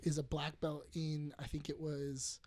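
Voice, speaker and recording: A podcast co-host telling a long, fast-paced anecdote in casual chat. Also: medium pitch, little pitch movement, darkish tone.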